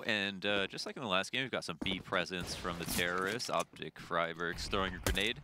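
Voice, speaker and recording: A man's voice: sits low, a little fast, few pauses. A man doing play-by-play esports commentary, trading dry quips and rising for the action calls. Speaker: esports caster. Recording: noisy broadcast feed.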